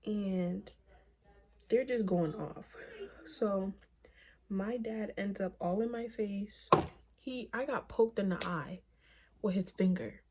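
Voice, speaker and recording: Slow-talking young woman telling a story. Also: medium pitch, mellow, a little hiss or hum. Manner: dramatic, profane storytelling, asides to viewers. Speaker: vlogger. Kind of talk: storytime vlog.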